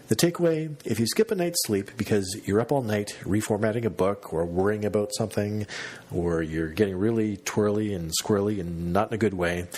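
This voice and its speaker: Low husky storytelling man. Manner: animated, self-mocking storyteller. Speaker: podcast host. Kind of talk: casual storytelling monologue.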